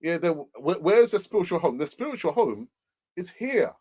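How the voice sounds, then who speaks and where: An excitable man chats casually on a fan livestream, with a voice pitched a little above the usual. He repeats himself for emphasis, and the audio sounds dull and lo-fi. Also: moderate pace, slightly rough. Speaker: football fan channel host.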